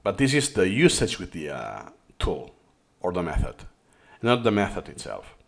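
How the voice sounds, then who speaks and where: A man's voice: deep voice, wildly swooping pitch, normal speed, vocal fry. A man who speaks English as a third language, explaining a study method in a reaction-style lesson with frequent restarts. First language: not English. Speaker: course host.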